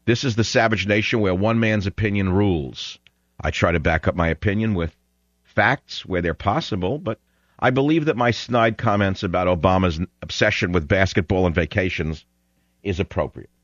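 A man's voice: low voice, normal speed, no echo, lo-fi sound. A man hosting a call-in talk radio show, sarcastic, confrontational and mocking toward callers.

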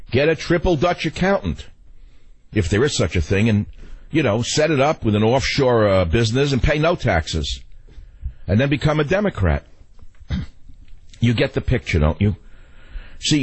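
A man's voice: slightly rough, rough recording. A man hosting a radio talk show, delivering a sarcastic, ranting monologue. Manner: sarcastic, ranting, sweeping pitch swings.

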